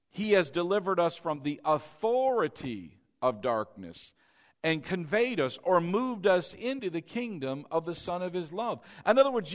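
A man preaching a sermon as pastor, leading call-and-response and building to loud, emphatic preaching. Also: high voice.

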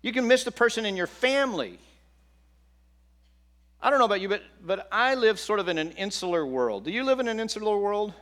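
A man's voice: sits high, animated, a little fast, fairly bright tone. A middle-aged man preaching a sermon in a conversational way, often putting questions to the congregation. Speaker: pastor.

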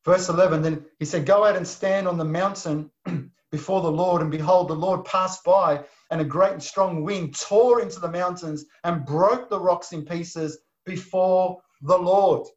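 A man preaching a sermon, swinging from emphatic bursts to soft, near-whispered lines. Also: sits high, steady tone, a little slow. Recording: dull lo-fi sound.

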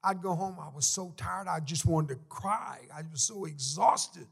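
Gravelly folksy man preaching. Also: high voice, normal speed. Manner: folksy, emotional, voice swells into shouts. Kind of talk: sermon storytelling.

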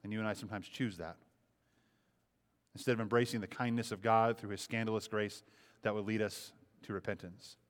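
A man's voice: on the low side, steady tone, brisk. A man preaching a sermon, impassioned, repeating phrases and acting out the speech he quotes. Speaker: pastor.

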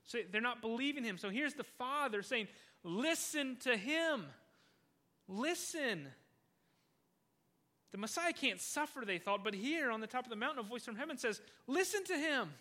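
High, bright-voiced man preaching. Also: fast talker, few pauses. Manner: earnest, repeats words when starting phrases, asks the congregation questions. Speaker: pastor. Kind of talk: sermon.

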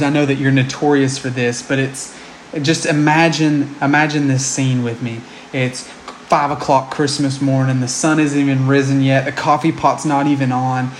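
A man preaching a conversational sermon, often pausing with ums and restarting his sentences. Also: medium pitch, a little hiss or hum. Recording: roomy echo.

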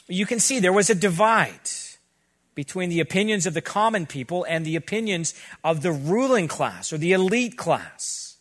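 A middle-aged male pastor preaching a sermon, earnest and conversational with quick asides. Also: high-pitched, lively intonation, fairly bright tone.

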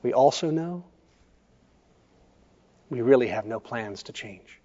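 A male pastor preaching a sermon, telling stories in a measured way and putting questions to the congregation. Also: medium pitch, expressive, mellow. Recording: echoey church hall, dull lo-fi sound.

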